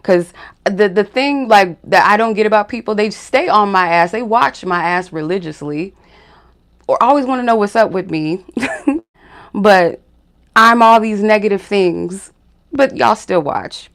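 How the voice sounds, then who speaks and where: Speaking straight to the camera, a woman who runs a spiritual reading channel delivers an informal monologue full of asides and filler words. Her mid-range voice has lively intonation and a measured pace.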